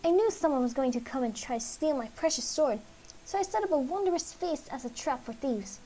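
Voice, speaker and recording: A woman's voice: high voice, animated, fairly quick, warm tone. A woman voicing a small, fussy mouse who lost a sword, talking in a theatrical, pleading way. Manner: theatrical, pleading, self-pitying.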